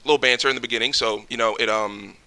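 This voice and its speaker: A man speaks fast in a mid-range voice with fairly even intonation, vocal fry and a sharp yet clear, resonant tone. In a casual storytelling reaction video, he vlogs a rambling, profane story with lots of fillers.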